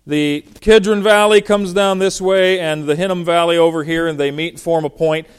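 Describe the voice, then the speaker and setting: A pastor teaches through a Bible passage verse by verse, speaking in a conversational, animated way with frequent fillers and restarts. His voice is a little high, his pace moderate, and the tone clean.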